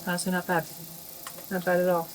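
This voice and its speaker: A woman's voice: lowish voice, completely flat delivery, brisk, slight background noise, poor audio. A young woman, a travel vlogger, chatting casually and upbeat at a campsite, often laughing. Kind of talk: casual chat.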